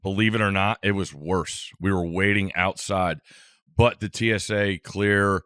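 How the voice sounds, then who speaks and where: A man's voice: sits low, steady tone, unhurried, fairly bright tone, clear, resonant tone, no echo, studio quality. A man co-hosting a podcast, telling a rambling, self-amused travel story in casual chat.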